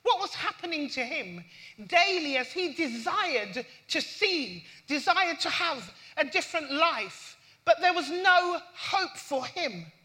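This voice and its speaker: A woman preaching with a high, bright voice. She reads scripture and builds to impassioned emphasis, her pitch climbing as she drives a point home. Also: very animated, takes it slowly. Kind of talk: sermon with scripture reading.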